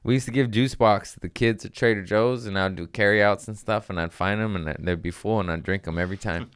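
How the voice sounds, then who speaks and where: A man's voice: fairly low pitch, steady tone, fairly quick, fairly bright tone, clean tone, dry recording, clean studio sound. A man hosting a casual comedy podcast, reading listener messages and swearing freely as he acts out the people in his stories. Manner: profane, jumps into goofy voices for quoted people.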